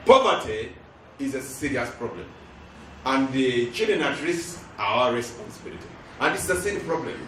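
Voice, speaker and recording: A man's voice: mid-range voice, animated, normal speed, far from the mic, a little hiss or hum. Ugandan man preaching in an echoey hall. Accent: Ugandan English. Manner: emphatic, asks the crowd to finish his lines. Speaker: guest speaker, lecturer. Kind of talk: preaching address with call-and-response.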